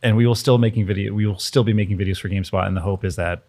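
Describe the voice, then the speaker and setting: A man's voice: fairly low pitch, fairly even intonation, rapid-fire, a little mellow. A man co-hosting a casual show, chatting in an easygoing way and reading viewer mail aloud. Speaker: show co-host. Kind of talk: casual chat.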